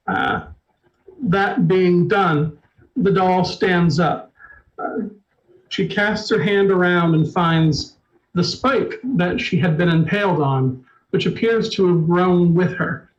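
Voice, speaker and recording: A man narrating as storyteller of a tabletop game, unhurried and full of filler words, on a dull lo-fi stream recording. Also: sits high.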